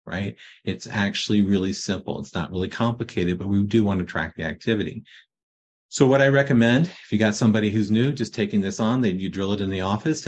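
Podcast coach, male, deep husky voice, casual storyteller who keeps checking in with "right?". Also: muffled recording. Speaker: practice coaching podcast host.

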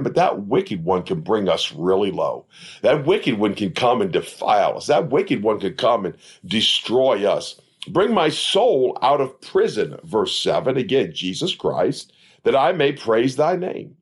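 A man's voice: on the low side, very animated, moderate pace, husky. A man teaching a Bible study on his podcast, preaching earnestly and quoting scripture in old-fashioned wording. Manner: earnest preaching with rising emphatic peaks.

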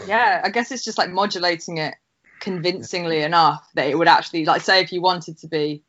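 A woman's voice: lowish voice, a little fast, fairly bright tone. A woman in a casual podcast chat, explaining things at length with lots of "like" fillers. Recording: dull lo-fi sound.

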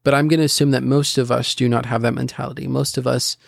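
A man's voice: mid-range voice, flat delivery, fast, gravelly, no room sound, studio quality. A man hosting a casual Christian podcast, talking earnestly in a rambling way with restarts and asides. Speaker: podcast host.

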